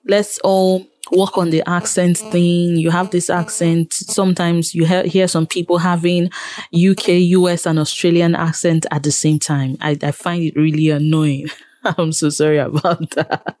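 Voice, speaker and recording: A woman's voice: on the low side, level tone, measured pace, a little mellow. A Nigerian woman, a radio presenter, talking animatedly in a casual interview and repeating phrases for emphasis. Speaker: radio presenter and programmer, guest.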